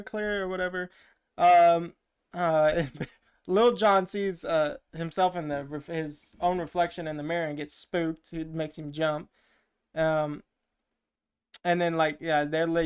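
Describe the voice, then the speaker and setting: A man's voice: a little high, clean tone. A man co-hosting a podcast, casually retelling a movie plot in a rambling way with quoted lines. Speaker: podcast co-host. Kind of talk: casual movie recap chat.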